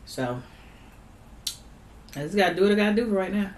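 A woman's voice: mid-range voice, expressive, a little fast, a little mellow. Chatty woman talking while eating, echoey. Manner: chatty, talks while eating, hums between bites. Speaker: vlogger. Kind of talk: casual eating vlog chat. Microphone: laptop built-in mic. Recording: roomy laptop recording with faint background noise.

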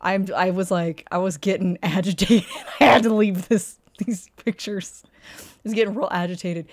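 A woman streamer speaks at normal speed in a medium-pitched voice with fairly even intonation. Giving live commentary on house listings, she reacts aloud with mock outrage and exasperation, swearing, laughing often and posing rhetorical questions.

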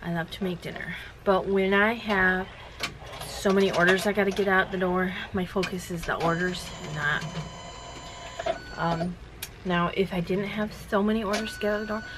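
A woman's voice: mid-range voice, fairly even intonation, moderate pace, background noise. A woman chatting casually from home in a rambling vlog, laughing often. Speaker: vlogger running a shirt business.

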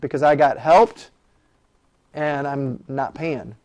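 A man lecturing a classroom on law, animated and jokey, firing rhetorical questions at his students. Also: mid-range voice, slow.

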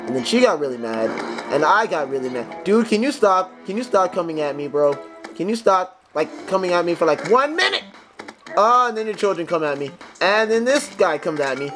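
Excitable young man with a lively voice. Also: high voice, a little fast, poor audio. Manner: excitable, jokey, talks to enemies, sings snatches. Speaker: gaming channel host. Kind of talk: casual gameplay commentary. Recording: music playing under the voice.

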